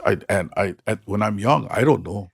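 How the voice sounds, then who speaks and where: A man's voice: lowish voice, expressive, normal speed, creaky, husky, no room sound, clean studio sound. A middle-aged man with a Hawaiian accent, a hula teacher telling stories in casual, frank, blunt talk. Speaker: podcast guest, hula teacher. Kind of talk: casual storytelling.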